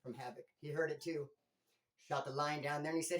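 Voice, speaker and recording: A man casually telling a story from his time in prison, slangy and animated, jumping between loud emphasis and low asides. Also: brisk. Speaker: former inmate storyteller. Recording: roomy echo.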